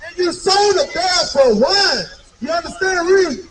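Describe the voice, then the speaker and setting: A man preaching in the street, shouting fiercely and calling for verse readings. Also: very high-pitched, expressive, unhurried, far from the mic, heavy background noise. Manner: fiery, calls for verse readings, asks "you understand?". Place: downtown street outdoors. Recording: loud crowd on an outdoor street.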